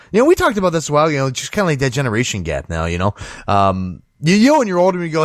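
A male host riffs on odd news stories with sarcasm and plenty of profanity. His pitch swings a lot as he talks. The sound is dry and close, with no room echo. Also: rapid-fire. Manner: sarcastic, profane, animated storytelling. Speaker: show host. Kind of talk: casual comedic news commentary.

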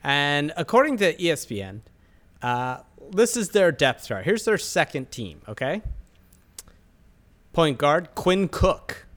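A man with a fairly high, lively voice runs down a basketball roster with dry mockery. He sounds like a podcast co-host riffing casually with his friends. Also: slow. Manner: dry, mocking, reads off a roster. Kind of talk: casual sports banter.

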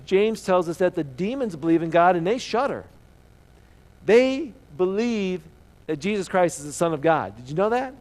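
A man preaching a sermon as pastor, earnest, asking the listeners questions and dropping to a hushed voice for emphasis. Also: high voice, low-quality recording.

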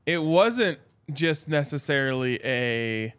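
A man co-hosting a sports podcast, giving animated opinions with quick asides. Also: mid-range voice, clear, resonant tone. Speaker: podcast co-host. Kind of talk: casual sports podcast chat.

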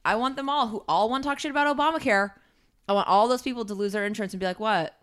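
A woman's voice: fairly high pitch, very fast, smooth. A woman co-hosting a podcast in casual political chat, ranting and swearing freely. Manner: profane, ranting, full of fillers. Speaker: podcast co-host.

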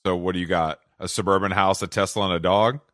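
A man with a Southern American accent hosting a podcast, teasing his co-host in quick, casual banter. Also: deep voice, steady tone, fairly bright tone, no echo, studio quality.

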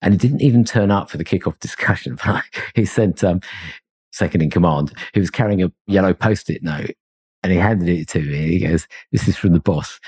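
A man's voice: sits low, fairly quick, a little mellow, slightly rough. A middle-aged man, a consultancy founder, talking reflectively in a podcast interview, rambling with fillers and chuckles. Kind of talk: conversational interview.

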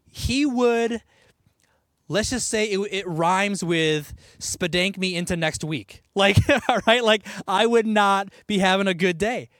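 A man preaching a sermon in a conversational, animated way, with asides and laughs. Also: sits high, slow, no echo, studio quality. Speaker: pastor.

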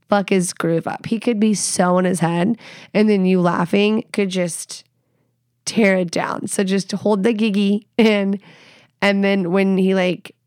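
A woman's voice: mid-range voice, darkish tone, smooth, no echo, studio quality. A woman hosting a podcast, giving frank, profane and playful sex advice in a casual way. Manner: blunt, profane, playful, laughs at her own jokes. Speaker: podcast host.

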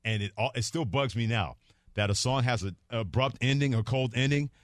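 A man's voice: mid-range voice, normal speed, no room sound. Chuckling male radio host, dry studio. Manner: laughs easily, animated storytelling. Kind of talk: casual radio chat. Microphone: studio microphone.

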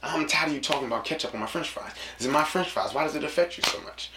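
A man talking casually to listeners in an animated, slangy way, acting out quotes in a lower voice. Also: fast, echoey room, noisy background.

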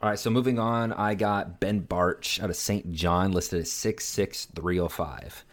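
A man with a very low voice talks in a casual podcast chat, growing excitable and gushing as he goes. He repeats words and phrases, stumbling over himself when he gets carried away. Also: a little slow. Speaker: podcast co-host.

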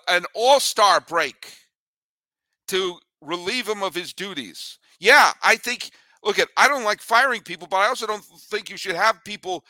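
Animated bright-voiced sports podcast host. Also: male voice, high voice, no room sound. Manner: animated, ranting, joking. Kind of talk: energetic sports talk with ad read.

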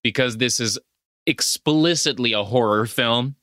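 A man co-hosting a podcast, chatting casually about a film in relaxed, drawn-out remarks with some swearing. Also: medium pitch, no room sound, clean studio sound. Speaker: podcast co-host.

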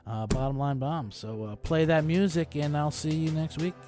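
A podcast host riffs in a casual, profane, comedic storytelling style, laughing often, recorded while traveling on tour. His voice is a little high and steady at a normal speed, heard over loud music.

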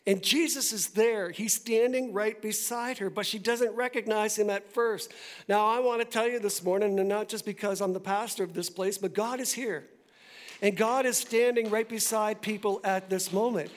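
A male pastor giving a sermon in a church, talking in a conversational, animated way with quick asides. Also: high voice.

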